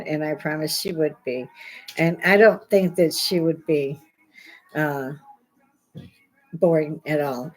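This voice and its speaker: An older woman hosting a casual livestream from home, rambling and blunt, laughing often. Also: fairly low pitch. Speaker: livestream host. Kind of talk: casual live chat. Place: home, indoors.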